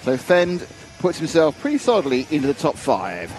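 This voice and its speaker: A man's voice: a little high, sing-song, moderate pace, a little mellow, soft background music. A man commentating live on a model car race, chatty and jokey, thinking aloud as he goes.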